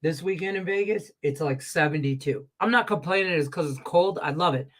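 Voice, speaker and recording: A man's voice: a little high, a little fast. A man on a sports betting show, ranting with profanity and heat, his voice congested from stuffed sinuses. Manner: profane, ranting, heated and animated. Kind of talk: casual sports betting talk show rant. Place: Las Vegas.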